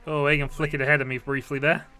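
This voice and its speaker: A man's voice: fairly high pitch, little pitch movement, fast, pushed and bright. A man streaming a racing game with friends, chatting and joking about his own driving as he plays. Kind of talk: casual gaming chat.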